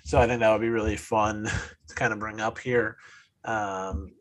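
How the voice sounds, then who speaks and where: A man's voice: lowish voice, fairly even intonation, moderate pace, a bit bright, rough recording. A man from upstate New York co-hosting a podcast, rambling casually with many restarts and fillers. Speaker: podcast co-host. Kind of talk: casual chat.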